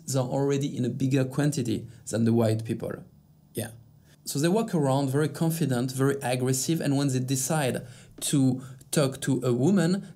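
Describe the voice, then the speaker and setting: A man's voice: medium pitch, dark tone. A man hosting a sarcastic news commentary vlog, with mocking asides, over faint background music.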